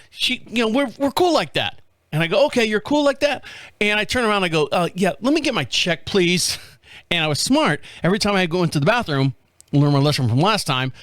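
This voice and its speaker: Man, high voice, casual storytelling, acts out voices, swears freely, dry close mic. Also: no echo. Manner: animated, acts out other people's voices, swears freely, laughs often. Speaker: podcast host.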